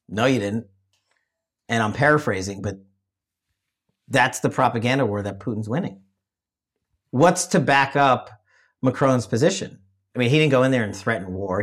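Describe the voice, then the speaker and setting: Emphatic male show host, low and husky, political talk. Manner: emphatic, repeats himself when restarting. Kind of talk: political discussion.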